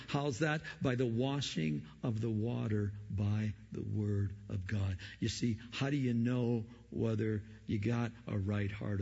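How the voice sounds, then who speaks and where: A man's voice: mid-range voice, vocal fry, darkish tone, slightly rough. A man preaching a sermon, emphatic, asking the congregation rhetorical questions. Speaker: pastor. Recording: dull lo-fi recording with long hall reverb.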